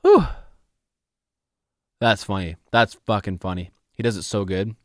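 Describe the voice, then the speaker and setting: A young man hosting a casual podcast, loose and excitable, swearing freely and laughing often. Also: lowish voice, measured pace, no room sound, studio quality. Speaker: podcast host. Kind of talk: casual solo podcast chat.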